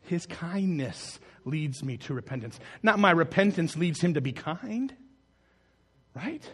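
Animated high-voiced male preacher. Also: unhurried, husky. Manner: animated, acts out the story in voices, rises loud then drops soft. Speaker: pastor. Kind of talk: sermon.

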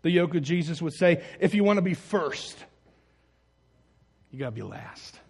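Animated high-voiced male preacher. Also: normal speed, gravelly, breathy edge. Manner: animated, acts out the story in voices, rises loud then drops soft. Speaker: pastor. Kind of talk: sermon.

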